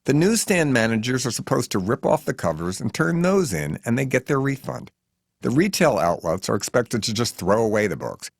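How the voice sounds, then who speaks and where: A man's voice: lowish voice, dry recording, clean studio sound. A man voicing a chatty, earnest middle-aged woman who gives away used books as a cause.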